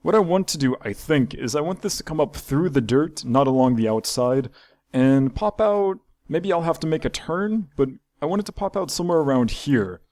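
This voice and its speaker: A man's voice: a little high, lively intonation, normal speed, darkish tone. A young man hosting a gaming channel, chatting casually over his gameplay, talking to his animals and often restarting his sentences. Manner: chatty, talks to his pets, frequent restarts.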